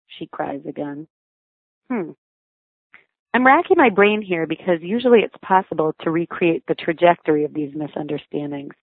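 Low pitched mom reading her memoir, wry and thoughtful, tinny dry audio. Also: expressive, normal speed, no room sound. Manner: wry, reflective storytelling. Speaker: memoir narrator, mother. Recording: thin phone-like sound, dry.

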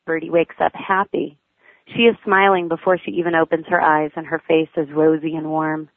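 A woman's voice: deep voice, level tone, normal speed, no echo. A mother reading aloud her personal diary essay in a wry, affectionate, plain manner. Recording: tinny phone-like line, dry.

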